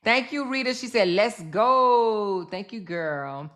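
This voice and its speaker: Blunt, animated woman streamer. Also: medium pitch, slow. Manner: blunt, profane and animated, thanking viewers and mocking the subject. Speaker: live-stream commentary host. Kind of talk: casual live-stream commentary.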